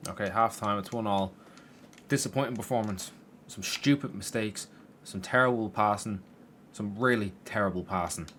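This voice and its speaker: A man's voice: lowish voice, normal speed, fairly bright tone, slight background noise. A young man commentating his football game from his room, swearing and venting frustration at the players and the game. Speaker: gaming YouTuber. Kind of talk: gameplay commentary.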